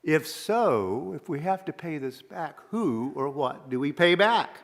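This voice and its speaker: A male minister giving a sermon in a measured, reflective way, posing questions to the congregation. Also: fairly high pitch, expressive, creaky. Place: church sanctuary. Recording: long reverb of a large sanctuary.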